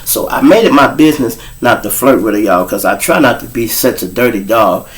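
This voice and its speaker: A man's voice: medium pitch, expressive, fairly quick. A man from Chicago hosting his show, telling a story in a casual, profane style full of street slang. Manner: profane, street slang, addresses listeners as y'all. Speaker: host, storyteller.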